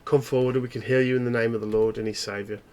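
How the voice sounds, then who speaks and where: A man's voice: medium pitch, steady tone, very fast, a little mellow, smooth, close to an everyday voice. A man voicing a fervent preacher. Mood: preaching. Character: fervent middle-aged male church pastor.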